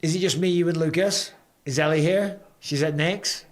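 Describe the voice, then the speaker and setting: A man with a slightly high voice hosts a casual live stream from home. He talks easily and reads out viewer comments with light banter. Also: fairly even intonation, normal speed.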